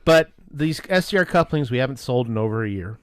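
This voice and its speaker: Animated, swearing man telling a story. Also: medium pitch, a little fast, dry recording, clean studio sound. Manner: animated, profane, acts out dialogue. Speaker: podcast co-host. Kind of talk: casual storytelling with friends.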